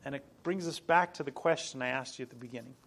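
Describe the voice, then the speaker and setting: Preaching fast in a gravelly, slightly bright voice of medium pitch, a middle-aged pastor drives his sermon with earnest emphasis. Key phrases come back again and again, and he keeps restarting and letting out little laughs.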